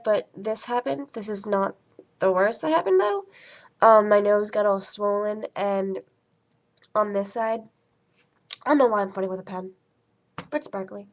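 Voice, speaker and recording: A teenage girl telling a story in a casual vlog, rambling and chatty with lots of fillers and quoted dialogue. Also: mid-range voice. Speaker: vlogger. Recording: lo-fi webcam audio.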